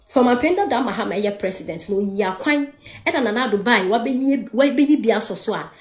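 A woman's voice: mid-range voice, a little mellow, roomy sound. A Ghanaian woman giving heated, mocking political commentary, switching between Twi and English.

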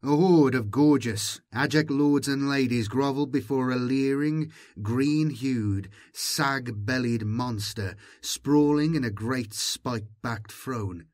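A man narrating an audiobook in a measured, dramatic storytelling manner. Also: mid-range voice, darkish tone. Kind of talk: scripted narration.

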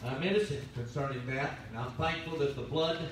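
A man's voice: medium pitch, brisk, noisy background. A man preaching a sermon as pastor, telling folksy stories. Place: church sanctuary. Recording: very echoey church from a distance.

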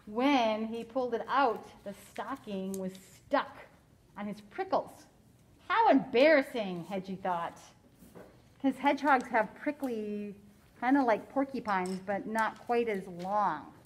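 A woman teacher reading a picture book aloud to children, animated, stopping to explain and ask questions in a classroom. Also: medium pitch, slow pace, low-quality recording.

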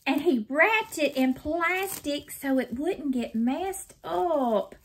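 A woman's voice: high voice, lively intonation, slow. An older woman, chatting effusively to her viewers while opening mail in a casual vlog. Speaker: craft vlogger.

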